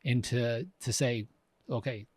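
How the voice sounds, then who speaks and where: With a creaky, medium-pitched voice at normal speed, a fifty-something man chats casually as a podcast co-host. He's reflective and keeps restarting his sentences and using fillers, and there's no echo.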